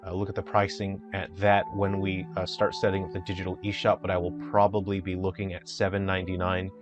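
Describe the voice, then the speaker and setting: A man who develops indie games, giving an earnest, unhurried, plain-spoken video update. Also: sits low, monotone, over music.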